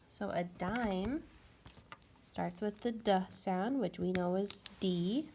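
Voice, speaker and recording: A woman's voice: mid-range voice, slow, warm tone, slight background noise. A woman teaching a phonics lesson to young children, patiently sounding out letters and words.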